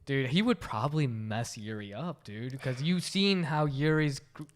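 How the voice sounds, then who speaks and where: A man's voice: medium pitch, expressive, moderate pace. A young man co-hosting a podcast in casual chat, easygoing and agreeable. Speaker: podcast co-host.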